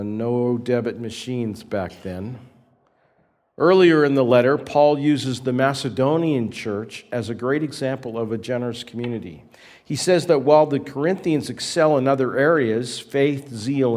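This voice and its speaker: A man's voice: mid-range voice, darkish tone. Earnest male pastor preaching. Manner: earnest, repeats key points for emphasis. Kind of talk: sermon.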